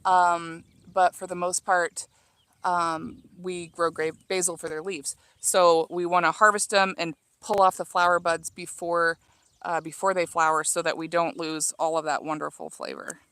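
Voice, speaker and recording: A woman's voice: fairly low pitch, level tone, normal speed, fairly bright tone, smooth. A woman in her thirties from Illinois, chatting casually with livestream viewers while trimming herbs in her garden, reading their comments aloud and talking with many fillers and restarts. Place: outdoor home garden.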